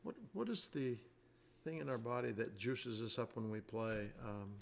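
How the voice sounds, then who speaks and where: An older man with a gravelly, fry-edged voice talks in an easy, rambling way. He coaches basketball and co-hosts a casual chat show, pausing often to hunt for the right word as he tells his stories. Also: medium pitch, lively intonation, a little hiss or hum. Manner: rambling storyteller, searches for words.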